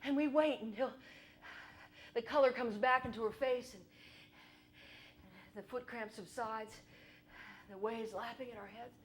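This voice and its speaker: A middle-aged woman on a theater stage performs a solo autobiographical monologue in a slightly high, steady voice. Her humor is wry and irreverent, laced with crude asides, and she slips into quick bursts of her own younger voice.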